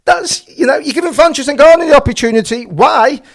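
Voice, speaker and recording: A man's voice: very high-pitched, fairly quick. A man hosting a boxing channel, giving passionate, opinionated commentary full of rhetorical questions.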